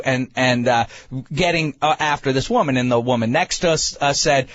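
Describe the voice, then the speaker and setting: A man, host of a talk show, telling a comic story in an animated, self-mocking way with many stammering restarts. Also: mid-range voice, moderate pace, no echo, highs cut off. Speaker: podcast host.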